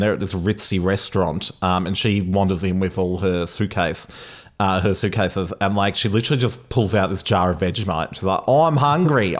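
A man from Australia, hosting a casual film review chat with relaxed, hesitant restarts. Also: lowish voice.

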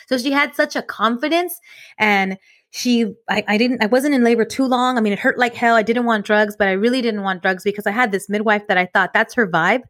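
Quick, lively woman telling her story. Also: a little high, dry recording, clean studio sound. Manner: animated, acts out quoted voices. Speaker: podcast co-host. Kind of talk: casual storytelling chat.

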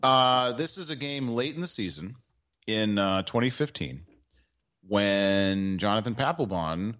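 Man, podcast co-host, wry rambling storyteller, lowish voice, slightly dull sound. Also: animated, a little slow, fairly bright tone. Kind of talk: casual sports chat.

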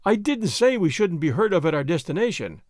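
A man's voice: high-pitched, big pitch swings, brisk, no echo, clean studio sound. A man reading aloud, voicing an angry, half-drunk little man who speaks defiantly and gloats. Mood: gloating.

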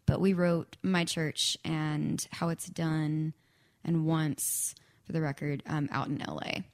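A woman's voice: low voice, flat delivery, slow pace. A young woman from Texas chatting casually as an interview guest, with lots of "like" and "um". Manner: chatty, frequent "like" and "um". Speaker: guest songwriter.

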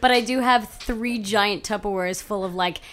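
A woman's voice: mid-range voice, moderate pace, fairly bright tone. A woman joking around in a casual podcast conversation. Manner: joking, playful.

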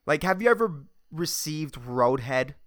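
A man's voice: a little high, expressive, measured pace. A man hosting a solo podcast, ranting sarcastically with lots of swearing and laughing at his own jokes. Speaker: podcast host.

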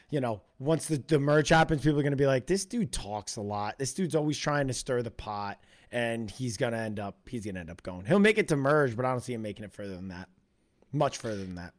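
A man co-hosting a podcast in casual chat, easygoing, often trailing off and restarting. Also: mid-range voice. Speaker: podcast co-host.

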